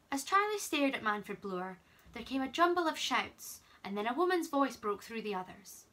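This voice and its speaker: A young woman camp counselor reading a children's storybook aloud, gently and expressively. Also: high voice, sing-song, moderate pace.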